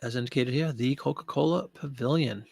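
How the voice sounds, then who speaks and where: A man's voice: medium pitch, brisk, vocal fry, a little mellow, no echo. A man hosting a casual live-stream from home, chatting to viewers and cooing at his pet, into a desk microphone. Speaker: online seller hosting a live listing show.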